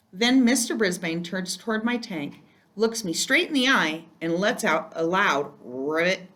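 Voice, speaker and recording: A woman reading a first-person children's chapter book aloud in a gentle storytelling manner. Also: on the low side, animated, a little slow. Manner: gentle, storytelling, occasional slips. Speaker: reader.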